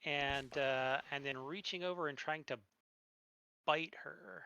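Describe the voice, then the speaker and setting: A man running a tabletop game as game master, narrating monster attacks in a relaxed way with filler words. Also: medium pitch, normal speed, clean tone, no room sound, lo-fi sound.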